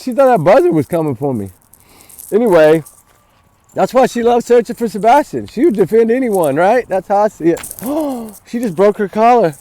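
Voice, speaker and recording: High, animated man ranting outdoors. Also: dry recording. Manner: heated, swearing, rambling, breaks off to scold his dog. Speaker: vlogger. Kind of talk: angry ranting vlog. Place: outdoors, cold morning.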